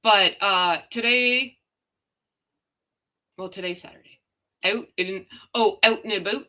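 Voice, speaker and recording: A Canadian woman hosting a casual live chat from home, chatty and quick to laugh as she talks to her viewers and her dogs. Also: medium pitch, bright, forceful tone. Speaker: livestream host.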